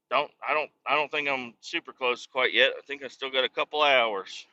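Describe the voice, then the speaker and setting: A man talks in a sharp, forceful voice that has a hard edge. He is a truck driver telling a loose, swearing story as he drives. The recording sounds slightly muffled and lo-fi. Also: mid-range voice, steady tone, moderate pace, hardly any pauses, no room sound. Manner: profane, ranting storyteller. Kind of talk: casual rambling monologue.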